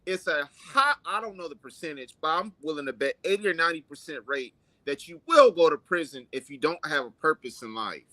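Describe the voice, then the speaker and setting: An earnest man co-hosts a talk discussion, calling his partner brother as he makes his points. His voice is high and bright with a tense edge, recorded close and dry with no room sound. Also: lively intonation, a little fast, few pauses, dry recording. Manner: earnest, addresses the host as brother. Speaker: co-host. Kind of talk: casual talk show discussion.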